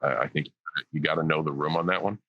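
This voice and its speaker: A man's voice: rumbling low, steady tone, fast talker, no room sound, lo-fi sound. A man in his forties, a guest on a podcast, answering questions in a dry, sarcastic, joking way. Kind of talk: casual interview answers.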